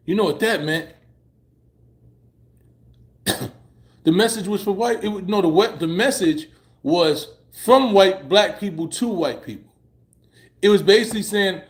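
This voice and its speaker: High-voiced man riffing emphatically. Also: normal speed, pauses often. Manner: emphatic, repetitive and profane, drifting high when he presses a point. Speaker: vlogger reacting to a halftime show. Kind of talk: casual opinion commentary.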